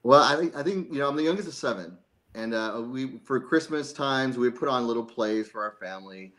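A man's voice: medium pitch, animated, a little fast, a bit bright, rough recording. A man being interviewed as a guest actor, chatty and self-joking, often laughing. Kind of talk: casual interview chat.

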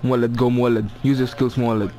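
A young man providing excited commentary over his own football video game, calling out players' names and cheering or groaning at each play. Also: medium pitch, fairly quick, soft background music. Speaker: gaming YouTuber.

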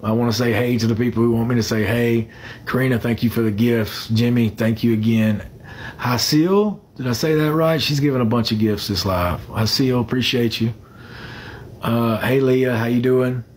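A man's voice: mid-range voice, fairly even intonation, normal speed, darkish tone, a little hiss or hum. A man chatting casually on a phone livestream. He rambles, fills the gaps with "uh", and greets viewers by name.

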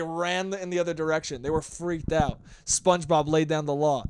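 A man's voice: fairly high pitch, a little fast, smooth, no room sound, clean studio sound. A man hosting his own podcast, telling rambling, profane stories in a casual solo chat. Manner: profane, rambling, animated storytelling. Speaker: podcast host.

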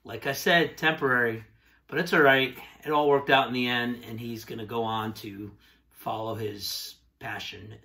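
A man playing a blunt, insulting band executive in a satirical comedy sketch, deadpan and cutting. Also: mid-range voice, normal speed. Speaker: interviewer in a sketch.

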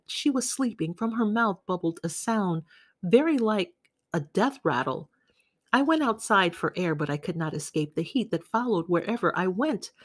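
A woman reading a literary novel aloud in a measured, unhurried way. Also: fairly low pitch, no room sound, studio quality. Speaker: audiobook reader. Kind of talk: literary audiobook narration.

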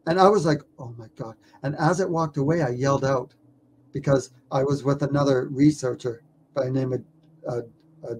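A man who is a documentary filmmaker, telling a story in an interview with lively stammers and repeated words. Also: fairly high pitch, slight background noise.

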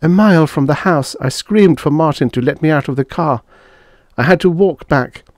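A man voicing a gentle, decisive young wife who speaks softly. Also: on the high side, moderate pace, no room sound, studio quality, pitched above the performer's own voice, close to an everyday voice. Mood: tender. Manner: soft and steady.

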